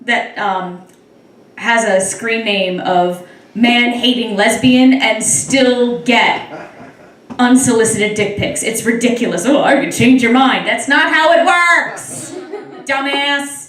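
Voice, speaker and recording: A woman's voice: on the high side, slow, a bit bright, far from the mic. A young woman performing a stand-up comedy set, talking wryly and teasing the crowd. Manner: wry, conversational, crowd-teasing. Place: club stage with live audience. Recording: echoey room, mic heard from afar.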